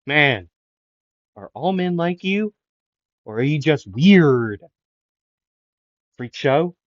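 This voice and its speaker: A man's voice: expressive, very slow, no room sound. A man voicing a bubbly, teasing teen girl villain in a raised, giggly voice, on a dull, dry recording. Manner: giggling, teasing, louder and higher.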